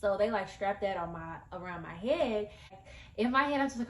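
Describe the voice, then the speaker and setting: A woman's voice: mid-range voice, lively intonation, moderate pace, a bit bright. Woman rambling through a storytime vlog, talks right to the camera, roomy echoey sound. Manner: chatty and rambling, speaks straight to viewers, many fillers. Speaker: vlogger.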